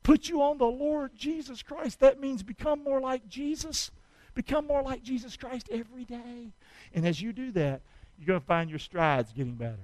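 High-voiced preacher, call-and-response. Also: male voice, moderate pace, a little mellow, no echo, poor audio. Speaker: pastor. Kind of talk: sermon.

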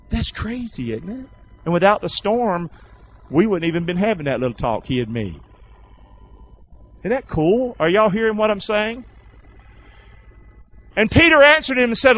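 Animated preacher man, dull lo-fi sound. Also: high voice, moderate pace, pauses often. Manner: call-and-response with the congregation; folksy and animated, swinging from loud to hushed. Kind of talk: sermon.

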